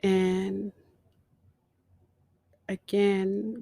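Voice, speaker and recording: A middle-aged woman, host of her own show, slowly telling a personal story and sometimes dropping to a whisper. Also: fairly low pitch, steady tone, vocal fry, darkish tone, no echo, clean studio sound. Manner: slow, reflective storytelling, dropping to a whisper at times. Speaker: podcast host. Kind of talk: personal testimony.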